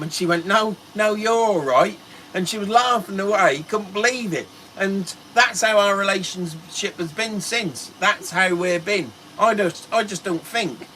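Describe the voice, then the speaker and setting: A man's voice: high-pitched, measured pace, sharp tone, slight background noise, poor audio. A middle-aged man with a Norfolk accent, chattily rambling through a story on a fishing livestream as its host. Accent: Norfolk English. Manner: chatty, rambling, laughs as he talks.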